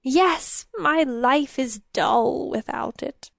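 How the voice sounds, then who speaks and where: A woman voicing an excitable, gold-obsessed king who sobs, rages and pleads. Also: sits high, very slow, gravelly, no room sound, pitched above the performer's own voice, full character voice. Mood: desperate. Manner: sobbing, raging, then pleading.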